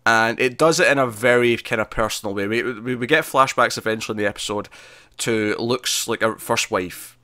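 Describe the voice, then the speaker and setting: Bright-voiced man recapping animatedly. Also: medium pitch, fairly quick, no room sound. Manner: animated, laughing recapper with many restarts. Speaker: podcast co-host reviewing a TV episode. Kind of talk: casual review chat.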